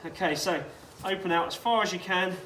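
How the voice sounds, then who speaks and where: Male fitness coach, higher voice, chatty instructive delivery with asides, outdoor take with light ambience. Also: a little fast, sharp tone, a little hiss or hum. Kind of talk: guided workout instruction.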